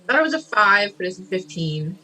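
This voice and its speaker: Woman player, sharp bright tone, a bit far from the mic, tentative. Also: medium pitch, very animated, fairly quick. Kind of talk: casual tabletop game chat.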